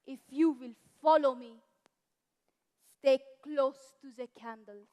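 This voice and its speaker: Stage housekeeper, high, slow, reverberant hall. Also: female voice, steady tone, warm tone. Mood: arch. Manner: formal, arch. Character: stern middle-aged German housekeeper, sly. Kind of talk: amateur stage musical.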